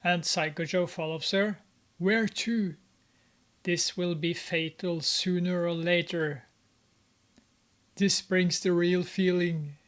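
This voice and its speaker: High-voiced, slow-talking sarcastic male reviewer. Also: flat delivery. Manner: mocking, sarcastic remarks with many fillers. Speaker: movie reviewer. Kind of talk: casual movie commentary.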